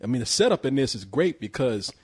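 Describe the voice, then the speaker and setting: A man's voice: mid-range voice, very animated, fast, darkish tone, husky. A man reviewing a film in casual chat, joking, laughing often and acting out quotes.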